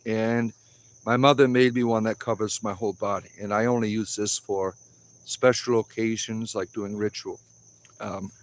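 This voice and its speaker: A man hosting a casual livestream outdoors, reading and answering chat in a blunt, offhand way, with preachy asides. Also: fairly low pitch. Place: outdoors in a wooded grove.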